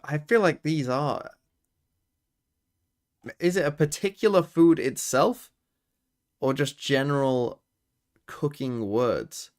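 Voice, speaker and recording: A man's voice: a little high, slow pace, long pauses. A man streaming live, casually chatting with viewers and muttering guesses to himself as he works through a word puzzle. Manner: thinks aloud, muttering guesses and reading chat. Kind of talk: casual livestream chat.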